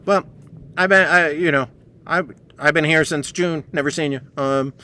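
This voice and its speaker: Profane animated man telling a story. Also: on the high side, normal speed. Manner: profane, animated, acts out quoted voices. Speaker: podcast host. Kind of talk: casual storytelling monologue.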